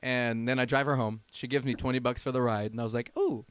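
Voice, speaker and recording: A man's voice: mid-range voice, fast talker, clean tone, dry recording. A man in his thirties, a podcast guest, telling a rambling anecdote in casual chat and acting out the other people in it. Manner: animated anecdote-telling, acts out quoted voices.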